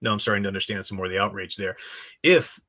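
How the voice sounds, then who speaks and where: Male live-stream host, low pitch, bright and punchy tone, opinionated. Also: steady tone, fast talker. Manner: opinionated and emphatic. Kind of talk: casual live-stream commentary, reading chat.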